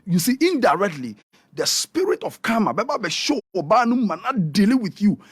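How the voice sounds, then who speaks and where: A Ghanaian man, a prophet who guests on a radio talk show, preaching in a lively way and switching between Twi and English. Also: high-pitched, normal speed, slightly rough, no room sound, studio quality. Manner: animated, mixes Twi and English, acts out quotes.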